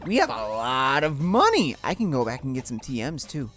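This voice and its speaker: A woman's voice: very deep voice, big pitch swings, moderate pace, faint music behind. A young woman hosting a gaming channel, chatting casually and poking fun at herself as she plays. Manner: chatty and self-mocking. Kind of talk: casual let's play commentary.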